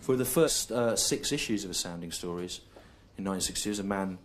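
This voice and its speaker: A man doing a stand-up comedy routine on stage. He is deadpan and digressive and repeats his own lines on purpose. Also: low voice. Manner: deadpan, digressive, deliberately repetitive. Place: comedy stage before a live audience. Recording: live recording with clear background noise.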